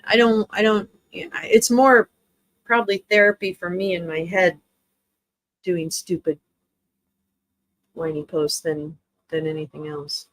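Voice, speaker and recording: A tired woman hosting a livestream, chatting with viewers in a rambling way, swearing and laughing often. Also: fairly low pitch. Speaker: livestream host. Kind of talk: casual livestream chat with viewers.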